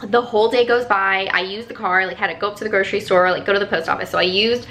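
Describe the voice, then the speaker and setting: A woman's voice: medium pitch, steady tone, fast, fairly bright tone, a little hiss or hum. A woman telling a personal story to her viewers in a casual, rambling vlog, full of "like" fillers. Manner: chatty, rambling, lots of "like" fillers. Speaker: vlogger.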